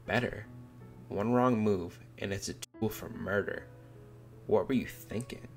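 A man's voice: on the low side, a little slow, creaky, soft background music. A man reading aloud the lines of a stern, worried teenage boy from a manga, in nearly his own voice. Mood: scolding. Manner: read aloud from a manga, barely acted.

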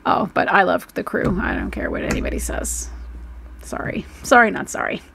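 A woman in her thirties hosts a casual live stream, reading chat messages aloud and reacting to them. Her voice has a gravelly, fry-laden edge. She swears freely and laughs easily. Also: on the low side, wildly swooping pitch, normal speed, noisy background.

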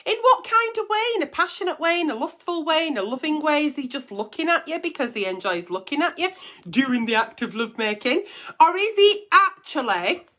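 A woman's voice: high voice, big pitch swings, a little fast, pushed and bright. A woman hosting an advice show, blunt and teasing, swearing freely in casual comic chat.

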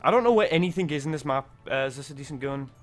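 Excitable sweary young man. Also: a little high, very fast, soft background music. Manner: excitable, sweary, yelps when startled. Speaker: gaming video creator. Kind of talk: gameplay commentary.

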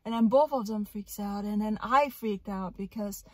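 A young woman retells a frightening incident outdoors in a park in a casual vlog. She sounds shaken and emotional and breaks into loud outbursts. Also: mid-range voice, normal speed, no room sound. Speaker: parrot vlogger.

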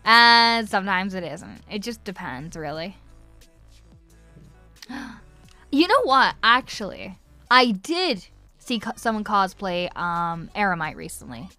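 A young Northern Irish voice actress with an Irish-transatlantic accent takes fan questions in a casual livestream Q&A, with soft music behind her and no room sound. Her mid-range voice is bright, forceful and sing-song, slow with long pauses. She's giggly and effusive and rambles with many fillers.

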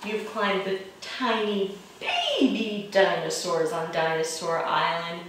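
A woman reading a picture book aloud to children in a playful, expressive way, with roars and chuckles, recorded in an echoey room from far off. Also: fairly low pitch, slow pace, background noise. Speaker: children's librarian.

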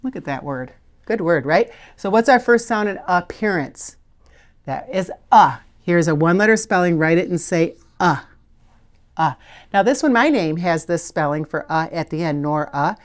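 A middle-aged woman teaching a spelling lesson on video, patient and encouraging, sounding out letters slowly. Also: on the low side, lively intonation. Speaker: literacy teacher.

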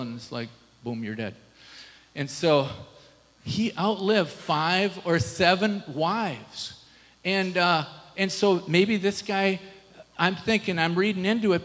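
A man's voice: fairly high pitch, a bit bright, in a large hall, poor audio. A male pastor preaching a sermon in a casual, conversational way, often asking the congregation rhetorical questions. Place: church sanctuary.

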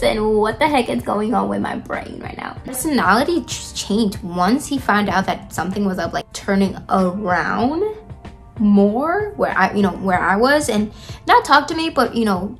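A young woman vlogs while doing her makeup, spinning a rambling, filler-heavy story about her school days. Recorded close on a phone indoors, her voice is mid-range.

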